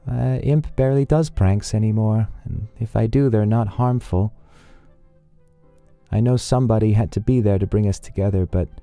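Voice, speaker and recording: A gentle, mischievous young imp girl, put on by a man speaks in a lifted, tender voice that sounds unlike his own. Her lines come slow and soft. Faint music sits behind her in a dry, close sound. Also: lowish voice, dry recording, voice pushed up, lightly acted. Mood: wistful.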